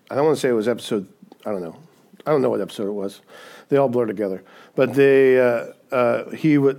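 Conversational male pastor preaching. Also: mid-range voice. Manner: conversational, frequent "right?" tag questions; animated, acts out quoted voices. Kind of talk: sermon.

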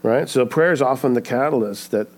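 A man's voice: mid-range voice, a little fast, darkish tone. A man preaching a sermon in an earnest way, often checking in with "right?". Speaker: pastor.

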